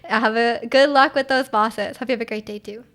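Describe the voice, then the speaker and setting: Young woman streamer, chatty and giggly, rambling with restarts, slightly high voice. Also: steady tone, brisk, fairly bright tone. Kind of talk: casual chat with live chat.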